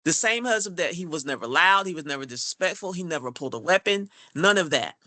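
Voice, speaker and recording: A woman's voice: on the low side, lively intonation, fast, sharp tone, no echo. A woman from Georgia, earnestly recounting a personal ordeal in conversation and often checking in with the listener. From Georgia, USA. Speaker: guest telling her story.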